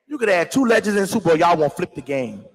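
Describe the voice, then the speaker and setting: A man's voice: sits high, big pitch swings, very fast. A man hosting a casual livestream, ranting in a rambling, slangy, profane way. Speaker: livestream host. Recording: echoey room with long reverb.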